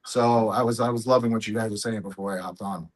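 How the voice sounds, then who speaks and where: A man's voice: fairly low pitch, fairly even intonation, quick pace. A man speaking as a guest on a casual video call, upbeat and telling stories. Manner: upbeat, storytelling.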